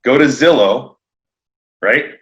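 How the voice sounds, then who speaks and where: A man talking shop as a podcast guest, animated and laughing often as he acts out conversations. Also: medium pitch, slow. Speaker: podcast guest, roofing contractor. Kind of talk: casual podcast chat. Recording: echoey room, dull lo-fi sound.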